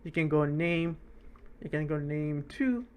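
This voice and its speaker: Young male tutor, casual coding lesson, fast and filler-heavy. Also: a little high, animated, clear, resonant tone. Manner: fast, rambling, with many fillers and self-corrections. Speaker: coding teacher. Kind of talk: screen-recorded coding tutorial.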